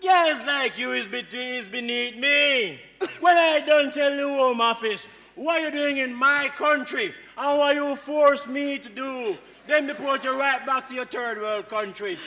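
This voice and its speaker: An actor with a Jamaican accent playing a boastful, menacing man who abuses his power, taunting and shouting on a live stage. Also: very high-pitched, a little slow, exaggerated voice. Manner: taunting, domineering, often shouting. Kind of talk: live stage play acting. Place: theatre stage with a live audience. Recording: theatre stage with long reverb.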